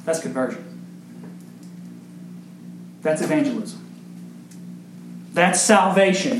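The pastor's high voice has lively intonation and a moderate pace as he preaches to his congregation, swelling emphatically and questioning the room. The sanctuary's echo and a faint background noise come through in the recording.

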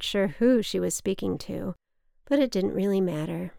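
Woman narrator, personal memoir read close and dry, reflective, gravelly. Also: mid-range voice, mellow, dry recording. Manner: measured, wry, reflective. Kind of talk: reading a personal story aloud.

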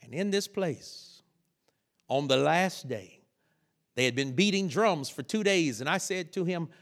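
A man preaching a lively sermon, telling a story with laughter and sudden shouted bursts. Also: on the high side, measured pace. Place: church sanctuary.

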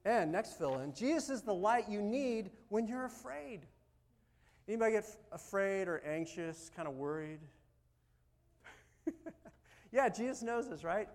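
A man preaching a sermon as pastor, animated, swinging from loud urging to soft, quiet asides. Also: high-pitched, a little slow, long pauses.

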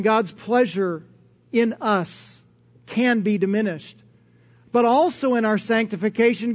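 A pastor with a notably high voice preaches earnestly and conversationally, stacking up rhetorical questions. The recording is dull and lo-fi. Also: male voice. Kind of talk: sermon.

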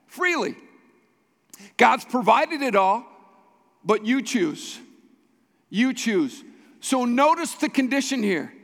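High-voiced man preaching in a reverberant hall. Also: a bit bright. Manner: emphatic preaching with repeated phrases. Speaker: pastor. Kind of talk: sermon. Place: church sanctuary.

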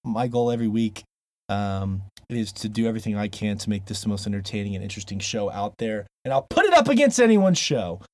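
A man's voice: lowish voice, very animated, a little fast, darkish tone. A man hosting a podcast, wrapping up the show in a chatty, playful way. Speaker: podcast host. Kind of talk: casual show wrap-up.

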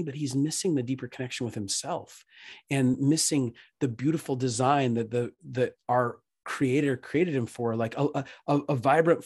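A man in his thirties, a podcast guest, speaks earnestly in a mid-range voice and goes quiet and tender as he talks about faith. The recording is dry, with hardly any room sound. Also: mid-range voice, breathy edge, no echo. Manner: earnest, emotional, drops soft when speaking of faith. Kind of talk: candid personal storytelling.

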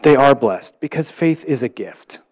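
A man giving earnest, reflective Bible teaching in a sermon style, asking his listeners questions and dropping to a soft, quiet voice at tender points. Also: mid-range voice, expressive, a little slow.

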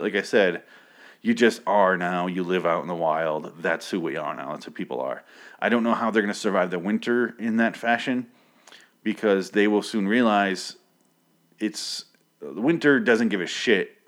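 A man's voice: deep voice, a bit bright. A man casually recapping a story, rambling with crude jokes and sarcastic asides. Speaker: comic book recap host.

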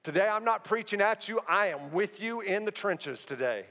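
A man in his thirties with a notably high voice preaches to his congregation, mixing jokes and personal stories into the sermon. His relaxed, chatty delivery rings out in a big church hall with a long, trailing reverb. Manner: humorous, conversational storytelling with quick asides. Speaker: pastor. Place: church auditorium.

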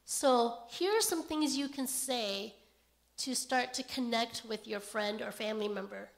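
A woman delivers a sermon at a slow, deliberate pace. Her voice sits somewhat high. She speaks gently and keeps checking in with her listeners. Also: gravelly. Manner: gentle, unhurried, pauses often with "okay?". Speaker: pastor.

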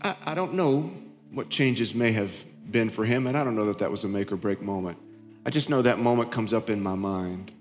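A middle-aged man preaching a sermon in a conversational, confessional way, telling a story with many halting restarts. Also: lowish voice, big-room sound, faint music behind. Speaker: pastor.

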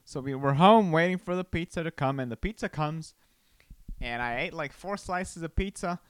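A man's voice: fairly high pitch, normal speed, clean tone, dry recording. A man hosting his own podcast, telling a rambling personal story in a chatty, casual way. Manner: rambling, chatty, with many restarts and fillers. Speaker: podcast host. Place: Texas home.

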